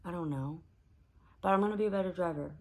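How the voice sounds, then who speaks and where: A woman's voice: lowish voice, quick pace, poor audio. A woman chatting casually to camera before bed, rambling and candid with lots of fillers. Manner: rambling, candid, self-talk with many fillers. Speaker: vlogger. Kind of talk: casual bedtime talk to camera.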